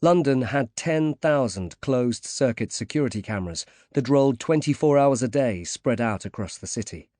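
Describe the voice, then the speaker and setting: A man reading a thriller audiobook in a measured, steady narration. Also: mid-range voice, no echo. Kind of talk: scripted narration.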